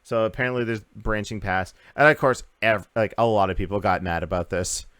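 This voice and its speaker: Low-voiced man rambling through podcast news. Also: brisk, a bit bright, smooth, dry recording, clean studio sound. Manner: rambling, many filler uhs and restarts. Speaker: podcast host. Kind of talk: casual podcast chat.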